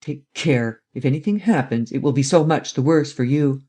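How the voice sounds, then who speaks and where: A man's voice: on the high side, moderate pace, mellow, lightly acted. A man voicing a wary, threatening German count in a read-aloud story, speaking in curt, growled orders.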